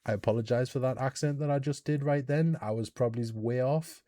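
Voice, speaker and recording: A British man hosting a casual reaction video, animated and thinking out loud with questions and exclamations. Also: mid-range voice, fairly quick, soft background music. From United Kingdom.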